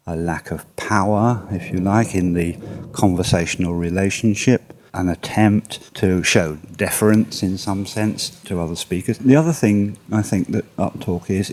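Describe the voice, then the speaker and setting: A man's voice: low-pitched, a little mellow. A man, a linguist, giving careful academic explanations in an interview. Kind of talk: expert interview.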